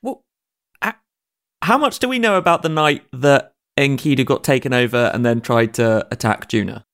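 A man's voice: medium pitch, normal speed, a bit bright. A man playing a tabletop game, thinking aloud in a hesitant, planning way. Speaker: player. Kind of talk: casual tabletop play.

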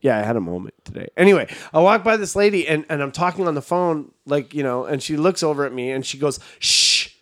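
A man with a fairly high voice tells a story on a podcast, swearing freely and getting animated as he goes. The sound is dry and close, with no room echo. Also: quick pace, hardly any pauses. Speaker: podcast co-host. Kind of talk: casual podcast chat.

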